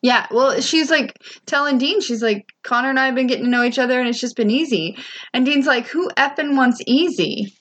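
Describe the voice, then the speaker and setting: A woman hosting a podcast, chatting casually about a TV show, laughing often and throwing in quick asides. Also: sits high, fairly bright tone. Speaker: podcast host. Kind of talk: casual chat recapping a TV show.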